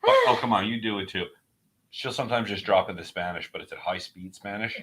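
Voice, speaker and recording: A man's voice: fairly low pitch, a little fast, fairly bright tone. A man from New York with a faint New York accent, co-hosting a radio talk show and joking bluntly. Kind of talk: casual chat.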